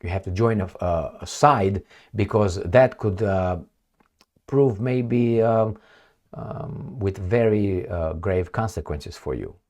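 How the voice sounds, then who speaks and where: A man's voice: lowish voice, slow pace, a little mellow. A man giving solo commentary on news stories, reading headlines aloud and answering them in a blunt, sarcastic way. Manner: blunt, sarcastic, reads headlines then rants. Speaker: political commentator.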